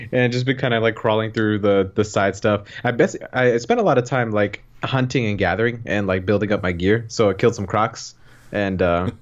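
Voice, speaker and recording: Rambling low-voiced man on a dull mic. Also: moderate pace. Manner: rambling, filler-heavy, casual swearing. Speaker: podcast co-host. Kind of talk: casual chat.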